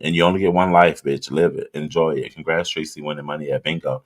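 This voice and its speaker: A very deep-voiced man talks quickly, with few pauses and fairly even intonation. He's hosting a relaxed livestream, reading comments and drinking while he chats loosely and directly with his viewers.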